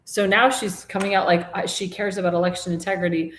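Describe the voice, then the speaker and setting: A woman's voice: medium pitch, flat delivery, fast talker, a bit bright, a little hiss or hum. Chatty woman host, roomy sound. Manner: chatty, rambling, many fillers and restarts; indignant, scolding. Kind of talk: casual political talk show commentary. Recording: roomy echo.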